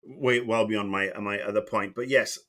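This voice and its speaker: A man's voice: on the low side, steady tone, normal speed, fairly bright tone. A middle-aged man streaming live, chatting casually in a meandering, profane, self-deprecating way. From Wales.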